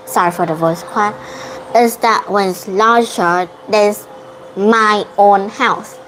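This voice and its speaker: A woman's voice: mid-range voice, a little slow, poor audio. Young woman student debating, faint hiss. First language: Vietnamese. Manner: hesitant, restarts and self-corrections. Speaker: English student. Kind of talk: debate practice in an online lesson.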